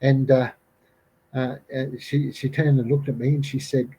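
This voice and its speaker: Recounting an encounter from a bush camping trip, the middle-aged Australian guest on a podcast rambles with many fillers and restarts and quotes people in raised voices. He speaks at a moderate pace in a mellow, breathy, medium-pitched voice with little pitch movement, and the recording is rough.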